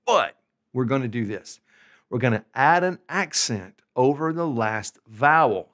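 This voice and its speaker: A man from the United States giving an upbeat, conversational online language lesson, slowing down to stretch out example words. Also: mid-range voice. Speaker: language teacher.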